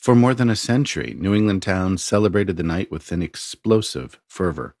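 A man reporter narrating a radio feature story in a relaxed storytelling way. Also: low voice, normal speed, dry recording, studio quality.

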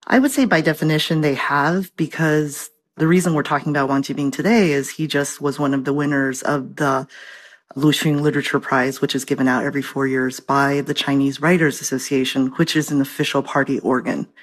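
A woman who is a professor and translator appears as an expert guest in an interview, heard over a remote connection. Her bass voice is fairly quick with fairly even intonation, and she speaks articulately, explaining things in a lecturing manner.

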